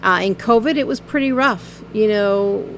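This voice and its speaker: A woman narrating her gameplay video in a halting, heartfelt way, full of ums and visibly emotional. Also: mid-range voice, a little hiss or hum. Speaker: game video creator. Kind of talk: casual voice-over narration of gameplay.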